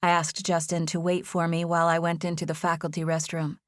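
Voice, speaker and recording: Low-voiced woman reading an audiobook. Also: little pitch movement, brisk, no echo, studio quality. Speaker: audiobook narrator. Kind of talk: scripted first-person narration.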